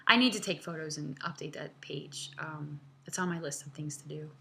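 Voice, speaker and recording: A woman's voice: low voice, normal speed, creaky, bright, forceful tone. Earnest, chatty woman vlogging from home. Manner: chatty and earnest, many fillers, laughs, close to tears. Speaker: vlog host answering viewer questions. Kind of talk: casual, heartfelt direct-to-camera talk.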